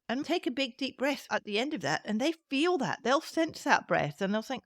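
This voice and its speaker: A woman with a British accent hosting a parenting podcast, talking in a gentle, earnest and encouraging way. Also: a little high, very animated, moderate pace, few pauses, dry recording, clean studio sound. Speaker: podcast host. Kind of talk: casual chat.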